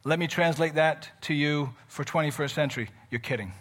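A male pastor preaching a sermon in an animated, conversational storytelling manner with playful asides. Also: a little high, fairly quick.

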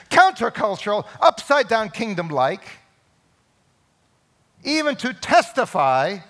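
A man preaching a Sunday sermon in a church, emphatic, with sudden loud peaks. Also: high voice. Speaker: pastor.

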